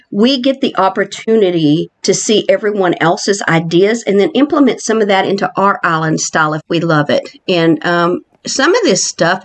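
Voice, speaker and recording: A woman casually narrating a video game island tour, giggly and excitable, with playful squeals of mock fright and laughter at her own jokes. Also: mid-range voice. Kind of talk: casual gameplay commentary.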